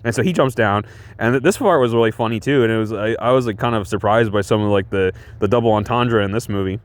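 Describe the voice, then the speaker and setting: A man with a lowish voice talks quickly and casually about a film he's reviewing. He rambles, filling his speech with fillers and restarts, and chuckles often.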